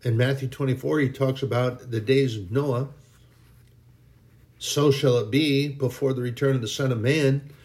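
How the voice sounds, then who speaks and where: A man's voice: mid-range voice, fairly even intonation, moderate pace, a little mellow. A man preaching an informal sermon in a folksy, emphatic way, now and then mocking people in a put-on voice.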